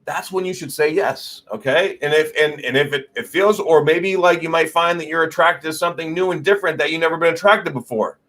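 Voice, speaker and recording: A man's voice: a little high, fairly quick, few pauses, fairly bright tone. A man hosting a casual astrology livestream, talking loosely with lots of swearing and fillers, and answering viewer comments as he goes. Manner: loose and profane, many fillers. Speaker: astrology host.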